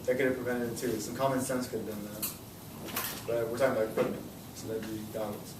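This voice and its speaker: Young male teacher, energetic classroom lesson, recorded far off in a noisy, roomy classroom. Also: medium pitch, fast. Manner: energetic, repeats questions to students. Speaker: high school science teacher.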